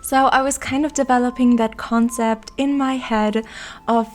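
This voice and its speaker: A woman's voice: a little high, fairly even intonation, moderate pace, a little hiss or hum. Sick, nasal-voiced woman narrating a build. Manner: chatty and enthusiastic, with many "like" and "uh" fillers. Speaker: Sims builder and YouTuber. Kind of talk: casual voice-over narration of a speed build.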